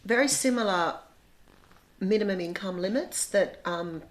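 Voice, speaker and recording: A middle-aged Australian woman in casual chat, talking in a lively, chatty way and often restarting her sentences. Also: mid-range voice, unhurried. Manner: chatty, repeats words when restarting. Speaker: guest, bed and breakfast owner.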